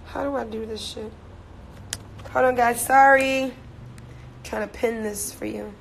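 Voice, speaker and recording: Young woman, bubbly livestream chatter into a phone, slightly high voice, faint hiss behind. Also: steady tone, a little slow, creaky. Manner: chatty, laughs often, reads out comments. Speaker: social media personality. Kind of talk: casual livestream chat with viewers.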